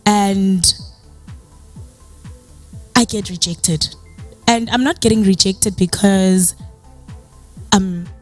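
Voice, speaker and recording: A woman's voice: medium pitch, steady tone, very slow, pauses often, faint music behind. A young woman with a South African accent, giving a motivational personal talk as a guest speaker. She tells her story in a chatty way, fills it with "you know", and acts out the dialogue she quotes.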